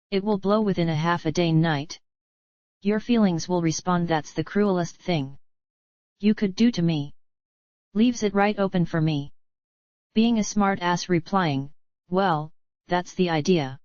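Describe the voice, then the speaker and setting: A woman voicing a cruel, crude mayor who taunts a captive, in a slow screenplay reading. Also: fairly low pitch, darkish tone, no room sound, natural voice. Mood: taunting. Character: cruel scheming mayor, mocking captor. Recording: dull lo-fi dry recording.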